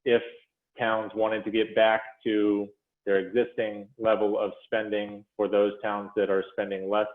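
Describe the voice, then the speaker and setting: A man presenting figures to a commission in a measured, explanatory way, with frequent fillers and self-corrections, speaking over a video call. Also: lowish voice. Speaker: presenter to a school funding commission. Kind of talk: policy presentation walking through slides. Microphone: video call audio. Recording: phone-like echoey video call audio.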